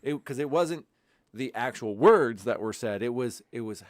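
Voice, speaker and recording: A man's voice: mid-range voice, expressive, normal speed, dry recording, clean studio sound. A man co-hosting a casual political podcast, backing his partner up with wry side comments. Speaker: podcast co-host.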